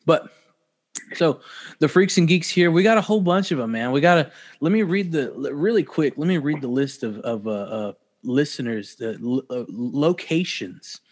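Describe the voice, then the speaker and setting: Profane, playful podcast host man. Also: medium pitch. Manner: loose, profane, playful sound effects. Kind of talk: casual podcast chat.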